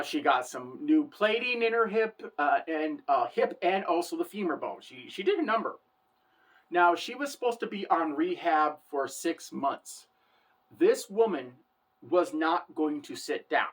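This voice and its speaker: A woman in her forties telling personal stories to camera in an earnest, heartfelt way, often saying "for the record". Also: low-pitched. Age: 40s. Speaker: vlogger. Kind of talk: personal storytelling monologue.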